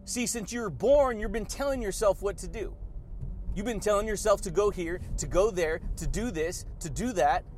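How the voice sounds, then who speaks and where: A man's voice: high voice, normal speed, a little mellow, slight background noise. A man hosting a motivational podcast monologue, hyped and chatty, who laughs often and keeps calling his listeners buddy and baby. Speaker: podcast host.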